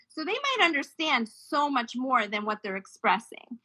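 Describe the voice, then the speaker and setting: A woman's voice: sits high, animated, normal speed, hardly any pauses, bright, forceful tone, poor audio. A woman speech therapist explaining how children's language develops, now and then imitating baby sounds. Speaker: speech-language pathologist guest.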